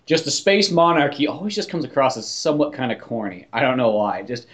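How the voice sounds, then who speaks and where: A man's voice: medium pitch, sing-song, a little fast, fairly bright tone. A man co-hosting a podcast in casual chat. He rambles, swears freely and leans on "like" fillers. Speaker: podcast co-host.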